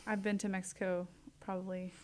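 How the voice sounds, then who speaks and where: A woman's voice: medium pitch, little pitch movement, fairly quick, darkish tone, slight background noise. A woman hosting a community radio talk show in a studio, chatting casually, rambling and correcting herself as she goes.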